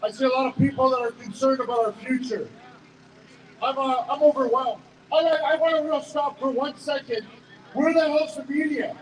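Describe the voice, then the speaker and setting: A man giving an emotional, stammering speech at an outdoor protest rally, heard through an echoey loudspeaker from a distance. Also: extremely high pitch, steady tone, moderate pace, noisy background. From Canada. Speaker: rally speaker, business owner. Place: outdoor city square rally.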